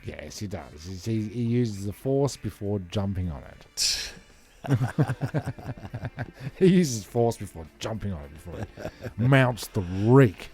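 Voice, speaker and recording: A man in casual podcast banter, cheeky and quick with crude jokes. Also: fairly low pitch, expressive, darkish tone, soft background music.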